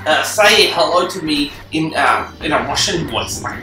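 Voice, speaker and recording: A man's voice: a little high, animated, moderate pace, sharp tone, echoey room, rough recording. A man co-hosting a gaming channel, competitive and playfully trash-talking his friend as they play. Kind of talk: casual chat over gameplay.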